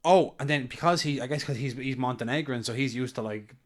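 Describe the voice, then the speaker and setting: A young Irish man hosting a podcast, telling a story in a relaxed, rambling way with lots of fillers. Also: mid-range voice, fairly quick. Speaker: podcast host. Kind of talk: casual chat, storytelling.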